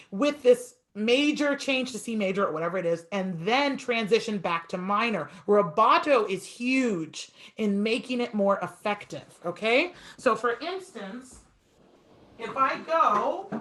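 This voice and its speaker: A woman piano teacher giving a masterclass, talking fast and stretching words for emphasis. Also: fairly high pitch, a bit bright.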